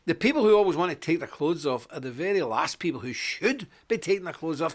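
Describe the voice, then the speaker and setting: A middle-aged man hosting a live stream, chatting casually, greeting viewers by name and jumping up in pitch when he stresses a point. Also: very animated, fast talker, few pauses.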